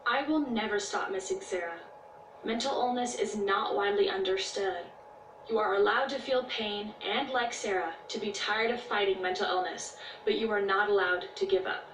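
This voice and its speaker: A woman's voice: mid-range voice, normal speed, fairly bright tone. Earnest woman narrating, echoey and distant. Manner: earnest, encouraging. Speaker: storyteller. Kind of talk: reflective story narration. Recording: echoey, distant, slight noise.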